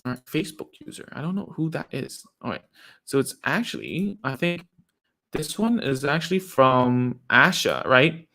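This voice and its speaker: A man's voice: mid-range voice, sing-song, moderate pace, gravelly, bright, forceful tone. A man hosting a live question-and-answer session as a speech therapist, talking casually and filling his speech with "like" and "right?". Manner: chatty, uses many fillers like "like" and "right?".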